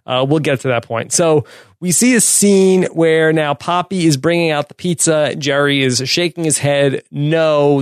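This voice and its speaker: A man's voice: medium pitch, clear, resonant tone, no room sound, studio quality. A man co-hosting a podcast, casually recapping an episode's scenes and chuckling along with his co-host. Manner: relaxed, recapping scenes with easy laughs.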